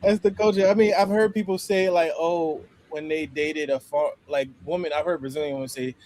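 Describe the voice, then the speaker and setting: Animated American man in casual chat. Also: on the high side, moderate pace. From United States. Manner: animated, laughs often, many restarts.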